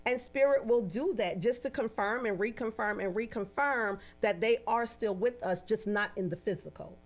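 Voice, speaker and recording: A woman who works as a medium, a guest in a casual interview, telling animated anecdotes and acting out the voices of the people in them. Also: on the high side, moderate pace. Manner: animated, acts out quoted dialogue in anecdotes; often adds "you know" and "right?".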